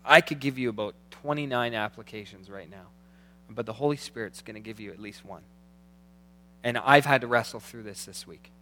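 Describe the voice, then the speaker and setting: A man preaching a sermon as pastor, earnest, slowing down to read scripture aloud. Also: lowish voice, pushed and bright, a little hiss or hum. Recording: long hall reverb.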